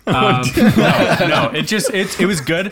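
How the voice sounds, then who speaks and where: A man's voice: sits high, expressive, measured pace, a loud crowd. A man hosting a casual podcast chat, laughing often and rambling animatedly between topics. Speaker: podcast host.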